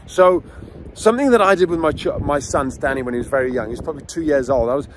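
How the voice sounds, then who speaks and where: A middle-aged man, a dog trainer, teaching outdoors near a beach in a casual, animated storytelling way. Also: on the high side, quick pace, a little hiss or hum. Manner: animated storyteller, acts out scenes. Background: faint outdoor ambience with waves.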